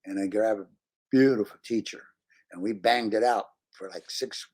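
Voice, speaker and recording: A man, a podcast guest, telling stories in a casual interview, animated, acting out his own lines and swearing freely. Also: on the low side, moderate pace.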